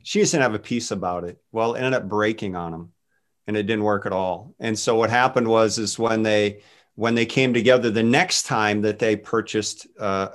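A man speaking as a guest minister in a casual faith conversation, telling stories in an animated way and voicing quotes. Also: fairly low pitch. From United States. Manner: animated storytelling with voiced quotes.

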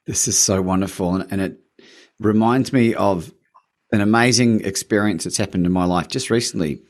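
Encouraging male host, low voice. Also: moderate pace. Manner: enthusiastic, encouraging, with hesitations. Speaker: podcast host. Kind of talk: interview conversation.

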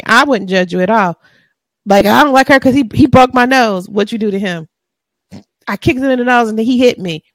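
Podcast co-host: a high-pitched woman with a drawl, lively and blunt, sometimes profane, recorded dry. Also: no room sound. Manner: blunt, animated, profane ranting. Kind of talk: casual chat.

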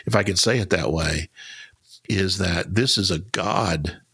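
Gravelly earnest man, Bible study chat. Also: deep voice, measured pace, pushed and bright, no room sound. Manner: earnest, repeats words, restarts often. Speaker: podcast co-host.

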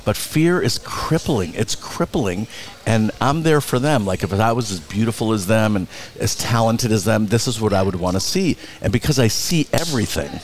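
Blunt, swearing storyteller with a low voice. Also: male voice, normal speed. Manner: animated anecdotes, blunt and profane; acts out other people's lines in quotes. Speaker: Broadway producer and director, guest. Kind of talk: casual interview storytelling.

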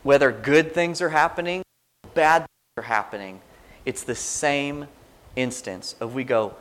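A man preaching to a congregation in a relaxed, conversational way. He slips into quoted prayers and little acted-out reactions, and his voice sits at an ordinary middle pitch. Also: measured pace, slight background noise. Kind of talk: sermon.

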